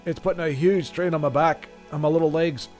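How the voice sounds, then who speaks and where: A heavy, mustached old father, put on by a man, lecturing in a pompous, self-important tone. He speaks a little above the usual male pitch over soft game music. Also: fairly even intonation, fairly quick, natural voice. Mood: preachy.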